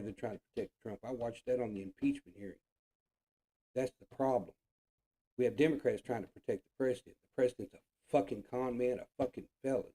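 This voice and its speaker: A man from the United States with a very dark, mellow voice at an ordinary pitch rants about politics on his own show. He is blunt, frustrated and heavily profane, and he hammers his points home by repeating them. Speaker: show host. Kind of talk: political rant monologue.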